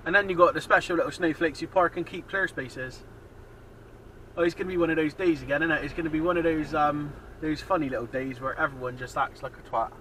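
Exasperated man ranting from the driver's seat, pitched high, set back from the mic. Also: fairly even intonation, fast. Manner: sarcastic, sweary, exasperated. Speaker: dash cam vlogger. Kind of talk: ranting commentary while driving. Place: inside a car on city roads. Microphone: dash cam mic. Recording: distant voice over loud road noise.

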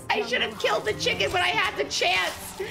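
A woman streaming a card game, reacting excitedly, swearing and talking to her chat. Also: extremely high pitch, moderate pace, vocal fry, music in the background. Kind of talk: live gameplay commentary.

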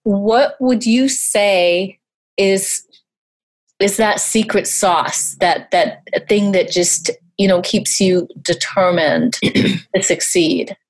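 A woman's voice: medium pitch, takes it slowly. Woman podcast host, takes her time, encouraging questions. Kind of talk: interview questions.

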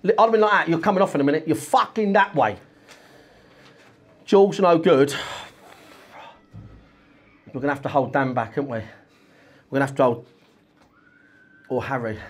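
A man's voice: fairly high pitch, normal speed, pauses often. A man gives a blunt half-time team talk, swearing freely and pressing his players with urgency. He talks as a football manager in a dressing room.

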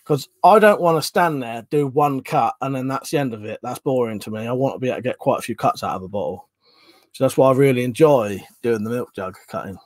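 A man's voice: medium pitch, fast talker, no room sound. Chatty man with a dry close mic. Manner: rambling, chatty, swears casually. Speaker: livestream host reading chat. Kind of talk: casual livestream chat.

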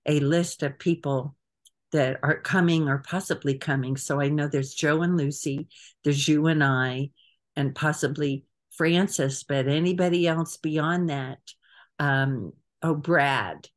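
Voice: mid-range voice, fairly even intonation, a little slow. A trip organizer on a video call giving a casual meeting briefing, chatty and hesitant with frequent fillers.

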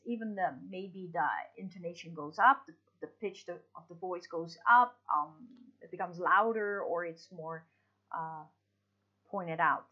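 Bright-voiced woman teacher explaining. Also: mid-range voice, dull audio. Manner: explains patiently, with many fillers and restarts. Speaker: English teacher. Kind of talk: recorded online class lesson.

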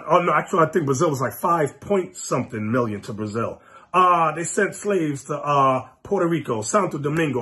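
A man preaching a fiery, mocking sermon, scolding his listeners with sudden shouts. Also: on the high side. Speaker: preacher and teacher.

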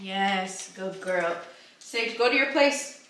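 A woman's voice: mid-range voice, animated, slow, roomy sound, noisy background. A woman vlogging at home in a casual chatty way, cooing at her puppy and giving it training commands. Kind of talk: casual vlog chat. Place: home kitchen.

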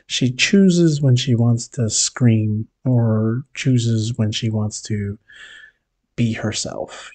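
A man giving a casual family update on his vlog, talking hesitantly with lots of pauses and restarts. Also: medium pitch, warm tone. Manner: hesitant, many fillers and restarts. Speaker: vlogger.

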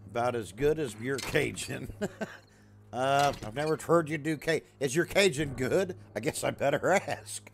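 Male streamer, lively pitch, casual banter with his chat. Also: unhurried, noisy background. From USA. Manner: chatty, talks to his chat and his dog, jokey. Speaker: streamer playing a survival game.

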